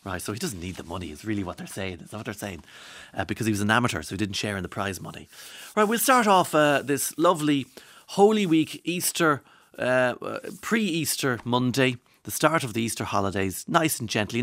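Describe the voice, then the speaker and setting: A man's voice: mid-range voice, animated, brisk, a bit bright, no echo, clean studio sound. Chatty Irish radio host, man. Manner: chatty, joking, reads out listener texts. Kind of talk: casual radio chat. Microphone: studio microphone.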